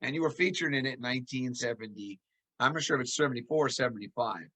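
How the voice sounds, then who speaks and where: A man's voice: mid-range voice, quick pace, fairly bright tone. A man hosting an interview, chatting casually and prompting his guest with shared recollections. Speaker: interviewer, host.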